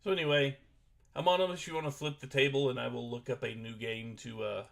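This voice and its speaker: Speaking into a desk microphone at his computer, a man on a casual gaming stream explains a board game's rules while setting it up. His mid-range voice is brisk, has little pitch movement, and carries vocal fry, and he talks hesitantly as he thinks aloud.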